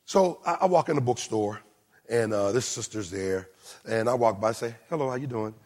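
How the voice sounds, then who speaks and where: A man preaching a sermon as pastor, moving between shouted lines and low, quiet asides. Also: animated, normal speed. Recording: long hall reverb.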